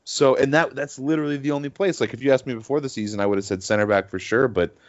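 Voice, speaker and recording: A man's voice: medium pitch, fairly even intonation, fast talker, highs cut off. A man co-hosting a casual sports podcast, talking in a rambling, hesitant way with many fillers. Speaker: podcast co-host.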